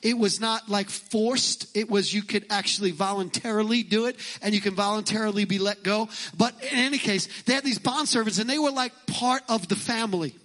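A man's voice: high-pitched, fairly quick, hardly any pauses, a bit bright, poor audio. A male pastor preaching a sermon in an emphatic style, telling a story and driving home points by repeating them.

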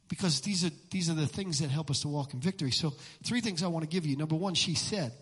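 Middle-aged male pastor, fervent sermon delivery, high and forceful tone, big echoing sanctuary. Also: fast, hardly any pauses, breathy edge. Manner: fervent, repetitive preaching that builds to shouts. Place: church sanctuary. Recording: long hall reverb in a church.

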